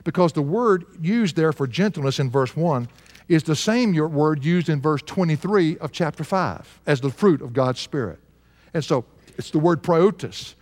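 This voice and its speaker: A man's voice: on the high side, lively intonation, moderate pace, darkish tone. A man in his sixties preaching a sermon, telling a story and chuckling now and then with earnest emphasis. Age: 60s. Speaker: pastor. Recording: long hall reverb.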